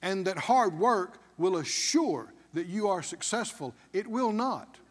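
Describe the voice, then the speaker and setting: A man's voice: high-pitched, expressive, unhurried, slightly rough, big-room sound. A man preaching a sermon as pastor, emphatic, with call-and-response questions to the congregation.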